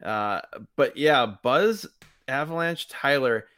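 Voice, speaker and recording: A man's voice: mid-range voice, animated, slow pace, fairly bright tone, clear, resonant tone. A man hosting a casual podcast, chatting wryly and dropping dry asides. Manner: wry, quotes lines in mock voices, dry asides. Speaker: podcast host. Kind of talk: casual chat reviewing old wrestling.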